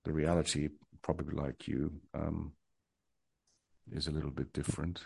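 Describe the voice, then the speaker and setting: Very deep gravelly older man. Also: little pitch movement, normal speed, darkish tone, dry recording. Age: 60s. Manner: hesitant, many ums and restarts, wry humor. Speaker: guest. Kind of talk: reflective interview talk.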